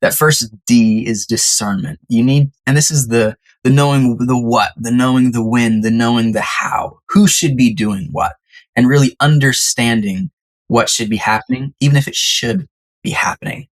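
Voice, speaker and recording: A podcast guest who tells a story with animated delivery, acting out the quoted lines in shifting voices. The manner is conversational and enthusiastic, with the pitch sitting in the middle range. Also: normal speed.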